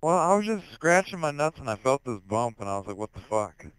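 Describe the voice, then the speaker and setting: A teenage boy in casual online voice chat on a headset, rambling crudely with heavy swearing and sudden shouted outbursts. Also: medium pitch, sing-song, a little fast, smooth, no echo, poor audio. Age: teens.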